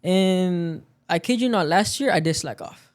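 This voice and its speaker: A man's voice: high-pitched, measured pace. A man in casual podcast chat, telling a story about work and acting out the quoted lines of the people in it. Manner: storytelling, acts out quoted dialogue. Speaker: podcast guest.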